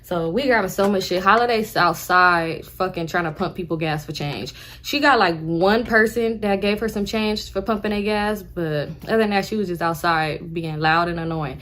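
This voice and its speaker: A young woman telling a casual storytime, slangy, profane and animated. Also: on the low side, moderate pace.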